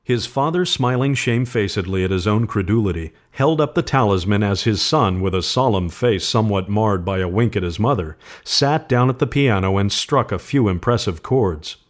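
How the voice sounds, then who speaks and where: A man narrating a spooky storybook tale, steady and measured. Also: fairly low pitch. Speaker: podcast host. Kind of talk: storybook reading.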